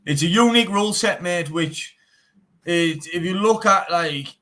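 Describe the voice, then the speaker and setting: This young man's voice sits high with a sharp tone, and his pace is a little slow. A bare knuckle fighter from England with Teesside English, he speaks bluntly in a casual interview, swearing frequently and saying "mate" in nearly every sentence.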